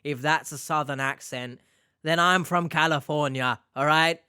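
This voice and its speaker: A man's voice: fairly high pitch, fairly even intonation, normal speed, pushed and bright, clear, resonant tone, dry recording, studio quality. A man hosting a reaction video, mocking what he watches with sarcastic jokes. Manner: mocking, sarcastic, jumps into silly voices. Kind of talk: comedic reaction commentary.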